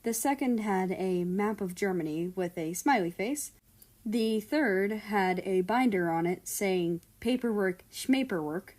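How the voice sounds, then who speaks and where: A woman's voice: medium pitch, measured pace, a little mellow. Woman narrating a fan story. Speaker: fan fiction reader.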